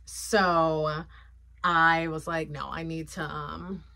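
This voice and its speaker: A woman's voice: low-pitched, flat delivery, takes it slowly, creaky, bright, forceful tone. A woman vlogger chatting casually and playfully, with lots of fillers, about her sunglasses collection. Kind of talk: casual haul chat.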